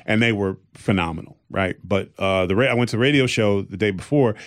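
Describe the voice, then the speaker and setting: Low-voiced male comedian telling stories. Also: a little fast. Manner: animated storytelling, acting out the people he quotes; rambling, with restarts and fillers. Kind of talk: casual podcast storytelling.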